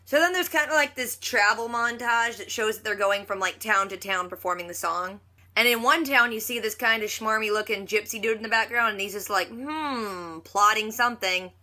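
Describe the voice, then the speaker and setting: Chatty woman with a bright voice. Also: fairly high pitch. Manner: chatty, acts out quotes in quick voices. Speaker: reaction vlogger. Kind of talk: casual TV episode recap.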